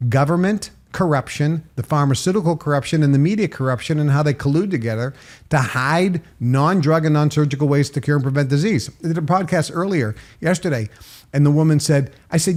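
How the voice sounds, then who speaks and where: An older man from Massachusetts, a podcast guest telling animated stories and acting out quoted dialogue with sudden jumps in pitch. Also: fairly quick. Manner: emphatic, acts out quoted dialogue with raised pitch. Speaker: podcast guest, author and marketer. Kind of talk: animated interview storytelling.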